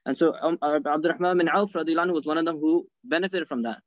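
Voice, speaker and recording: In a hadith class lecture, a man with a slightly high voice speaks quickly, firing rhetorical questions at his listeners and mixing Arabic phrases into his English. The recording is dull, lo-fi and dry, with no room sound.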